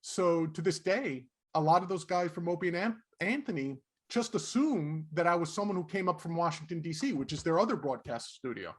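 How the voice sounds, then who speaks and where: A middle-aged man co-hosting a podcast, telling stories in a casual, animated way and laughing often. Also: a little high, a little fast, hardly any pauses, husky. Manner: animated, laughing, acts out quotes. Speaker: podcast co-host. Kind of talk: casual storytelling chat.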